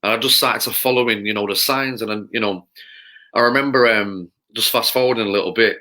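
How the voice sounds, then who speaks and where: A man from Manchester talks as a podcast guest. His voice is very bright and sharp, and he rambles candidly, doubling back on words and acting out what others said to him. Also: lowish voice, fairly even intonation, a little fast. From Manchester, England. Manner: rambling, repeats words, acts out quotes. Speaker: podcast guest, personal trainer. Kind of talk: candid storytelling.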